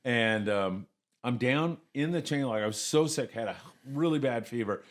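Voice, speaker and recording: An animated man telling stories as a podcast guest. His voice sits at a middle pitch, and his delivery is casual and lively. He chuckles often while he talks. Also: moderate pace. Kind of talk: casual storytelling.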